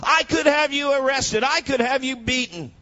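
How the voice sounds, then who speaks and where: A man's voice: extremely high pitch, normal speed, sharp tone, highs cut off, pitched above the performer's own voice. A man voicing an angry male local official who makes threats while telling a story in a sermon. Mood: furious. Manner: furious, threatening.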